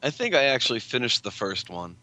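A man's voice: medium pitch, sing-song, a little fast, bright, forceful tone, no echo. A man in casual chat, laid-back and hesitant, full of fillers.

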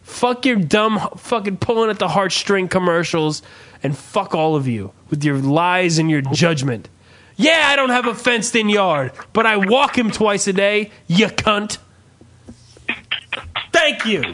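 A man's voice: high-pitched, lively intonation, measured pace, bright, forceful tone. A man hosting a casual podcast, ranting profanely and telling stories with sarcastic asides. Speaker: podcast host. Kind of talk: profane comedic rant.

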